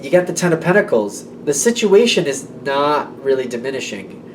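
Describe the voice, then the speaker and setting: The recording is rough, with slight background noise, as a medium-pitched man reads tarot at a moderate pace with big swings in pitch. His casual patter rambles and self-corrects, often speaking aloud what the listener might be thinking.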